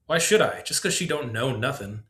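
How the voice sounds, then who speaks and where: A man's voice: medium pitch, lively intonation, normal speed, fairly bright tone, lightly acted. A man voicing a petulant tween boy with a lisp in a read-aloud story, trying to sound uninterested.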